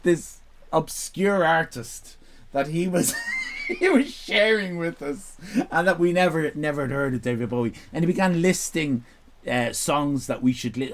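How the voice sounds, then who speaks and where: A man's voice: fairly high pitch, wildly swooping pitch, measured pace. A man in casual live-stream chat, rambling, sweary and self-mocking.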